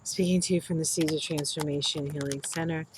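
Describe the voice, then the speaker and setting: A woman's voice: low-pitched, fairly even intonation, fairly quick, noisy background. A middle-aged woman, an astrologer, talking casually and rambling to her viewers with many ums and restarts. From United States. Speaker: astrologer and tarot reader. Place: healing center room.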